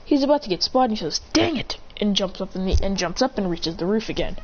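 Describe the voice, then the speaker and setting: A woman's voice: mid-range voice, animated, quick pace, a little mellow. Rambling woman improvising a fan story. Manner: rambling, makes it up on the spot with restarts. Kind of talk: improvised fan-fiction narration. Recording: slightly muffled with faint hiss.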